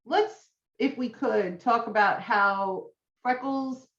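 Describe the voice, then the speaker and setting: A woman's voice: on the high side, slow, fairly bright tone. A woman co-hosting a podcast in casual chat, chatty and playful, with lots of fillers. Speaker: podcast co-host. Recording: echoey, dull-sounding room.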